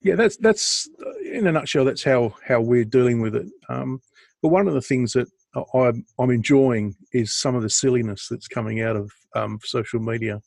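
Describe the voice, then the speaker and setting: Over a video call, a man co-hosts a podcast, telling rambling, jokey stories with restarts and bursts of laughter. His gravelly, darkish voice is mid-range at a moderate pace, with no room sound.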